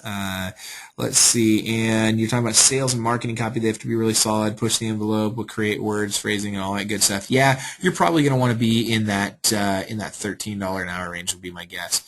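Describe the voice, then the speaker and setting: A webinar host with a lowish, somewhat bright voice runs a live Q&A, reading viewer questions aloud and answering them in an upbeat, salesy manner. The recording quality is rough.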